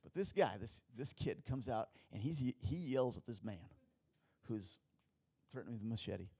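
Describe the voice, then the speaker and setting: Man, pastor, sermon, storytelling, husky voice, lively pitch, rhetorical questions. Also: normal speed.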